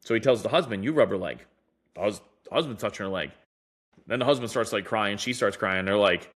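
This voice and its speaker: Animated man telling stories, lowish voice. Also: fast. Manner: animated storyteller acting out quoted doctors. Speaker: guest, device innovator. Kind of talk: casual storytelling in a podcast interview.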